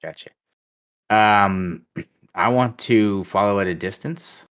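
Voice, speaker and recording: Low-voiced man playing a tabletop game. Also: takes it slowly, fairly bright tone, clean tone. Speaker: player. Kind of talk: casual tabletop game chat.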